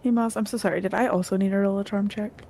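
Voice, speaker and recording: A woman's voice: medium pitch, steady tone, fast, gravelly, dark tone. A woman player in a tabletop game who rambles, giggles and apologizes often. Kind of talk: casual tabletop game chat.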